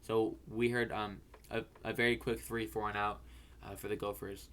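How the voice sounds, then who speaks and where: A man's voice: on the low side, little pitch movement, moderate pace, a bit bright, a little hiss or hum. A young man hosting a fantasy football video, telling a story in a rambling way, stammering and repeating words and swearing casually.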